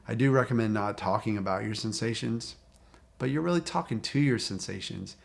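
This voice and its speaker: A man speaking as a recovery coach, talking straight to the viewer in a calm, repetitive, encouraging way. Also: fairly low pitch, fairly quick, gravelly. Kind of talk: direct-to-camera coaching talk.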